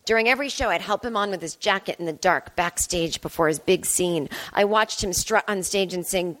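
A woman's voice: lowish voice, fairly quick, hardly any pauses, a bit bright. A woman in her fifties hosting a podcast, telling a candid, wry personal story in a monologue from home. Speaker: podcast host.

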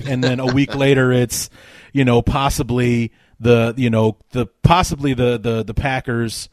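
A male podcast host chatting casually, telling a story with lively, animated energy and plenty of fillers. His voice sits at a middling pitch, recorded dry and close with no room sound. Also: normal speed, no echo. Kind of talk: casual sports podcast chat.

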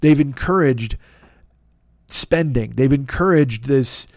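A man's voice: medium pitch, slow pace, dry recording, clean studio sound. A man hosting a podcast, ranting in an angry, sarcastic way and swearing constantly. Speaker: podcast host. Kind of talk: profane comedic rant.

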